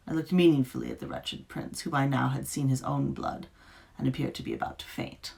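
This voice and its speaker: A woman author giving an expressive, dramatic live reading of her fiction. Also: very deep voice, a little fast, vocal fry.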